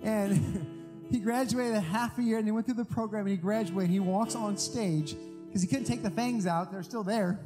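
A man preaching a sermon as pastor, telling stories in an animated, emphatic way. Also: high-pitched, normal speed. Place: large church hall. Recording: long hall reverb with music. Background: guitar music.

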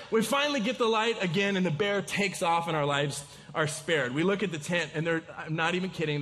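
High-voiced pastor in a reverberant hall. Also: male voice. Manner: storytelling, animated, many restarts and fillers. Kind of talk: sermon.

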